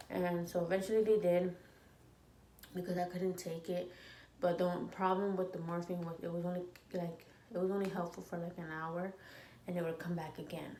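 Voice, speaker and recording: A woman in her twenties telling a storytime vlog, animated and swearing freely as she quotes people in her story. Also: fairly low pitch, brisk. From United States. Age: 20s. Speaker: vlogger. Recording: echoey room with faint ambient noise.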